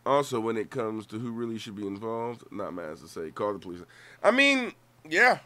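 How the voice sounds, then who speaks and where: A man's voice: fairly low pitch, very animated, normal speed, bright, forceful tone. A man streaming, talking through a clip in casual, profane commentary, rambling with repeated words and restarts. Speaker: streamer reacting to clips.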